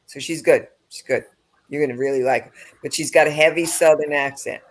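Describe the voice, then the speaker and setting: A man's voice: on the high side, steady tone, brisk. A man hosting a podcast on a video call, chatting about next week's guest in a friendly way. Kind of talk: casual chat on a video call.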